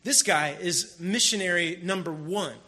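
Bright-voiced man preaching casually. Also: high voice, unhurried. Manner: casual, storytelling, animated emphasis. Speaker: pastor. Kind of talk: conversational sermon.

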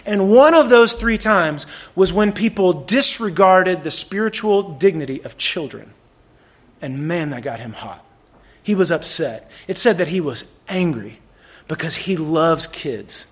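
A man preaching a sermon in a lively, conversational way, swinging between loud bursts and hushed lines. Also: sits high, measured pace. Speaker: pastor.

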